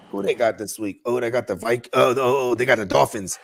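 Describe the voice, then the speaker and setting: A man co-hosting a podcast, talking in a casual, slangy, animated way and laughing often as he tells stories. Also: medium pitch, brisk, vocal fry, slight background noise. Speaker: podcast co-host. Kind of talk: casual chat.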